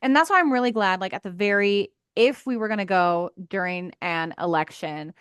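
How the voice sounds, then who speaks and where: A woman's voice: medium pitch, moderate pace, clear, resonant tone, no echo, studio quality. A woman co-hosting a podcast in casual chat, telling stories with acted-out quotes. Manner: animated storyteller, acts out quotes, laughs often. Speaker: podcast co-host.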